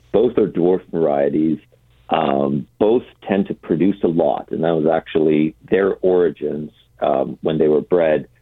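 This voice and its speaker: A man with a very deep, slightly husky voice joins a radio show by phone. He explains things patiently and hesitantly, filling pauses with ums. The dry, tinny phone line narrows his sound. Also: dry recording. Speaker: guest, coffee roaster. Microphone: telephone.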